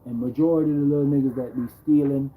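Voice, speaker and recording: A man's voice: medium pitch, steady tone, fast talker, phone-quality sound, a little hiss or hum. A man hosting a livestream, talking casually and repeating himself, tagging "bro" onto his phrases. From Jamaica. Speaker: livestream host.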